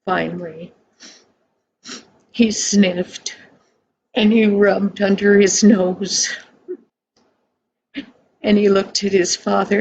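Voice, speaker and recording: An older woman narrating a storybook tale in a soft, hushed, unhurried way. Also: mid-range voice, creaky, a little hiss or hum, poor audio.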